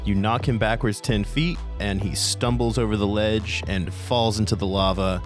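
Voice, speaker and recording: A man narrating as game master of a tabletop game, playful and quick to laugh. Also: lowish voice, steady tone, soft background music.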